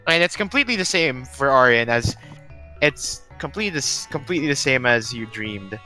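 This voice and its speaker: A man's voice: medium pitch, animated, a little fast, bright, forceful tone, faint music behind, poor audio. A man narrating as game master, rambling and correcting himself as he describes scenes.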